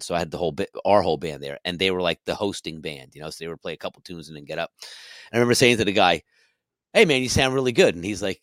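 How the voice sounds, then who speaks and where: A middle-aged man with a very low voice swaps music-scene stories in a relaxed podcast chat. He laughs easily and slips into little character voices when quoting people. The sound is dry and close, with no room echo. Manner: laughs often, acts out quotes in character voices. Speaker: podcast co-host. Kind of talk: casual chat.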